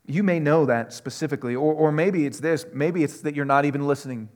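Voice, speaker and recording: A man preaching a sermon, earnest, moving from quiet questions to loud, emphatic passages. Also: fairly high pitch, a little fast. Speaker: pastor.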